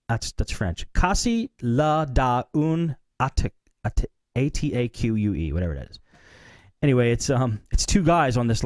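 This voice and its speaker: A man co-hosting a casual late-night tech talk show. He sounds easygoing and chatty and tosses in quick asides. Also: on the low side, a little mellow, dry recording, clean studio sound. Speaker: co-host.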